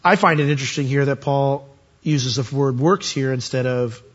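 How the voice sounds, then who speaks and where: A man preaching a sermon, animated and rising to high emphatic peaks as he quotes scripture. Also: moderate pace, lo-fi sound.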